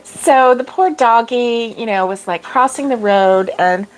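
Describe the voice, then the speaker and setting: A middle-aged woman with a higher, unhurried voice hosts a casual crochet livestream. She rambles chattily through a story with fillers and frequent laughter, greeting viewers by name while battling allergy sneezes.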